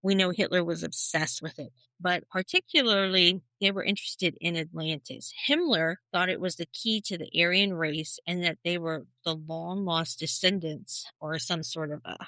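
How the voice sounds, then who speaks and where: A woman co-hosting a podcast, telling a conspiracy story in a casual, animated storytelling way. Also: fairly low pitch, normal speed, few pauses, no echo, rough recording. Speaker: podcast co-host.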